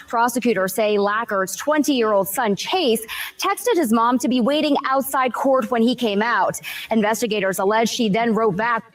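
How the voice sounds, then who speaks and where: A woman reads a news report in a measured, formal way. Her voice sits somewhat high for a woman.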